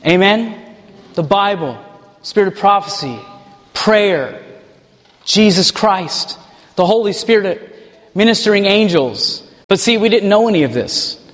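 A man preaching a sermon to his congregation, animated, now and then mocking people in put-on voices. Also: sits high, a little slow, pauses often. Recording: long hall reverb.

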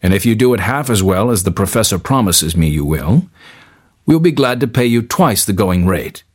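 A man's voice: fairly low pitch, very animated, normal speed, a little mellow, slightly rough. A man reading the part of a friendly American scholar with an American accent, in a storybook.

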